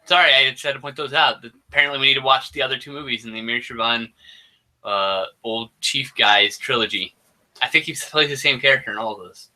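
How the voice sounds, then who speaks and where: A man's voice: medium pitch, fairly quick, bright, forceful tone. A man co-hosting a casual podcast, animatedly and with exasperation retelling a movie's scenes and mimicking its lines. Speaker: podcast co-host. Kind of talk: casual movie commentary chat.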